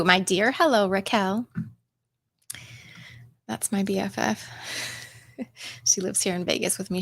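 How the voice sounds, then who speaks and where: A middle-aged woman hosting a casual livestream from home, chatting with viewers with lots of ums and laughs. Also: mid-range voice. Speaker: coach and livestream host.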